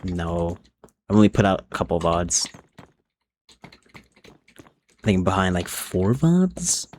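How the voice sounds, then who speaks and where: Young man, slightly low voice, casual rambling, live game stream, thinking aloud, desk mic, keyboard typing behind. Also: big pitch swings, a little slow, darkish tone, slight background noise. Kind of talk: casual live-stream chat while gaming.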